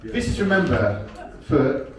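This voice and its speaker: A man hosts an open mic night in a bar, chatty and hesitant, full of fillers and laughter, his pitch a little high and bouncing all over. He sounds distant from the mic in a very echoey room, with a crowd murmuring behind him. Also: sing-song, a little slow. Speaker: host. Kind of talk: hosting an open mic game. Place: bar stage with audience.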